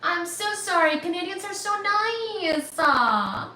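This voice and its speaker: Excitable woman livestreamer, roomy distant mic. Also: very high voice, slow pace. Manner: bubbly, excitable, squealing thanks. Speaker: livestream host. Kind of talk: casual livestream chat reading super chats. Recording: roomy, distant, faint static hiss.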